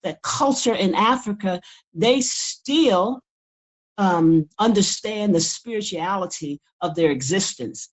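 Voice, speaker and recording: A woman's voice: mid-range voice, expressive, slow pace, low-quality recording. An older woman, a guest in a casual interview, talking earnestly and often repeating words as she builds her point. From United States. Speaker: guest author.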